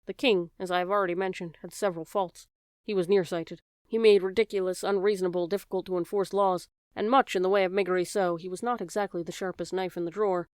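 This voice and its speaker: Female audiobook narrator, talks to the reader, lower clear voice, dry studio sound. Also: fairly even intonation, fast talker, darkish tone, dry recording. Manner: storyteller, addresses the reader directly.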